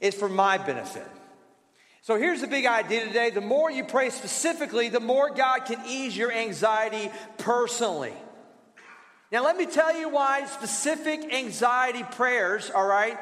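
High-voiced pastor preaching in an echoey hall. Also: male voice, expressive, normal speed, a bit bright. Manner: conversational preaching with rhetorical questions and repetition. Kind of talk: sermon. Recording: roomy hall reverb.

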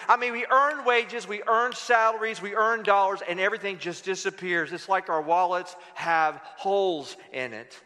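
A man's voice: high-pitched, moderate pace, hardly any pauses, sharp tone, long reverb tail. A man preaching a sermon, quoting scripture with dramatic emphasis and leading the congregation in reading aloud. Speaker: pastor.

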